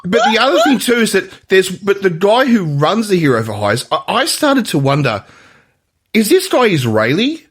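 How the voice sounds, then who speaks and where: A man co-hosting a movie podcast, talking excitedly and rambling with frequent restarts. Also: high-pitched, moderate pace, breathy edge. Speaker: podcast co-host. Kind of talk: casual movie review chat.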